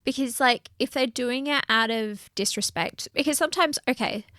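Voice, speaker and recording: A woman co-hosting a casual podcast chat, talking in an earnest, animated way. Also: on the high side, normal speed, dry recording, studio quality. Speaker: podcast co-host.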